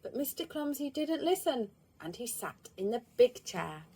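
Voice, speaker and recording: A woman, reading a children's storybook aloud in an expressive, lively way. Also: on the high side, normal speed, husky.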